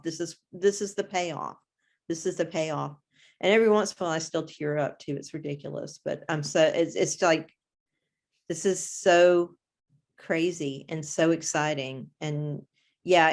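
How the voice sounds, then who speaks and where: A woman author being interviewed, chatting casually and acting out her own reactions as she tells a story. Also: fairly low pitch. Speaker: guest author.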